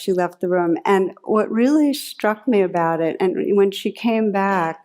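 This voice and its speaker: A woman's voice: medium pitch, moderate pace, hardly any pauses. A woman meditation teacher giving a talk to a live audience, telling anecdotes and reflecting aloud. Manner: warm storytelling, lively when recounting anecdotes.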